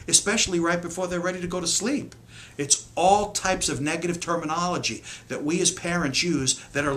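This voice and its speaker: A man's voice: fairly high pitch, fairly bright tone. A middle-aged man coaching parents in an earnest, emphatic lesson to camera, acting out the lines parents say.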